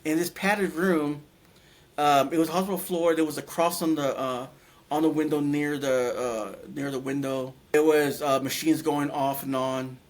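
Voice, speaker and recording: Brief: middle-aged man, slightly high voice, halting casual storyteller full of fillers. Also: fairly even intonation. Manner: halting, many fillers and restarts. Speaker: interview guest.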